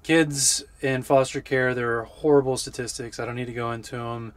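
A man's voice: mid-range voice, steady tone, moderate pace, dry recording. Dude in his 30s doing a travel vlog outside, easygoing, cracks jokes at the camera. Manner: easygoing, jokey, talks to the camera. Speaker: vlog host. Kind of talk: casual travel vlog chat. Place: outdoors on city streets.

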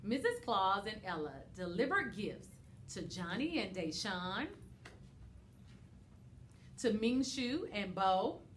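A woman teacher reading a holiday storybook aloud to young children, expressive and animated. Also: mid-range voice, slow pace, long pauses, slight background noise.

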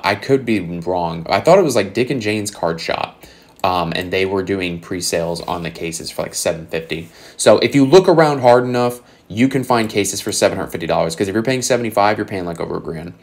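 A young man hosting his own channel, giving blunt, sarcastic commentary on card prices in a casual way, a little hoarse as he says he is losing his voice. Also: fairly low pitch. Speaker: channel host.

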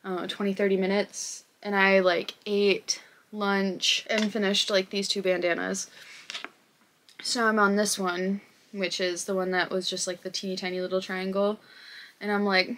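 A woman's voice: mid-range voice, fairly bright tone. A young woman chatting casually in a home vlog while she crochets, rambling and self-deprecating, acting out her own thoughts. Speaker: crochet vlogger.

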